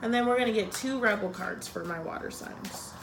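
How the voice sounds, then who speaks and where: A woman's voice: mid-range voice, brisk, reverberant, noisy background. A woman giving a casual tarot reading, talking bluntly and frankly, swearing freely. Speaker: tarot reader.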